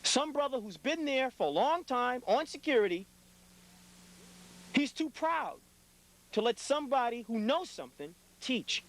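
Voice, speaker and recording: A man's voice: extremely high pitch, big pitch swings, measured pace, long pauses, fairly bright tone, poor audio. A young adult man giving a blunt, impassioned scolding monologue to his community, lecturing hard and often tagging his lines with "man".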